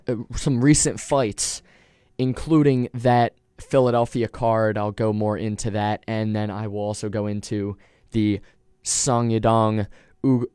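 Young male college radio host, low and smooth, dry studio, rambling casual talk. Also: mellow, dry recording. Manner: rambling, with restarts and fillers.

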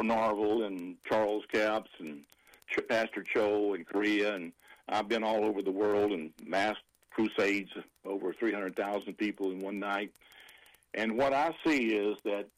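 A man's voice: on the low side, no echo, low-quality recording. A man preaching informally on a broadcast, rambling and emphatic, with restarts and quoted scripture.

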